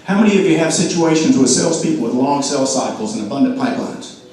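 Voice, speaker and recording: A man giving an animated sales talk to an audience, throwing questions at the room and acting out quotes. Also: medium pitch, fast talker, a little hiss or hum. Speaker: speaker at a club meeting. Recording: echoey room, mic from a distance.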